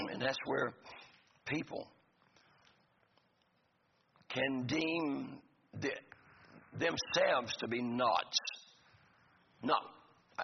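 Male pastor, gravelly voice, folksy and joking, dull lo-fi church recording. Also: mid-range voice. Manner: folksy, joking asides to the congregation. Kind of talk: sermon. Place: church sanctuary. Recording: gravelly voice in a reverberant hall, dull lo-fi sound, faint noise.

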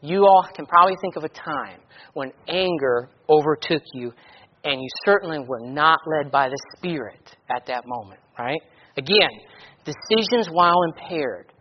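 A man's voice: on the high side, animated, normal speed, a little hiss or hum. A male pastor giving a sermon, reading scripture aloud with strong emphasis and breaking off into plain conversational asides. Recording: echoey hall, dull lo-fi sound.

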